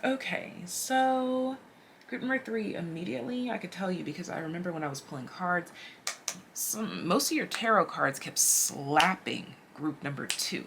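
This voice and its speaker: A woman giving a casual, chatty tarot reading straight to her viewers, animated and slangy. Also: medium pitch, a little hiss or hum. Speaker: tarot reader.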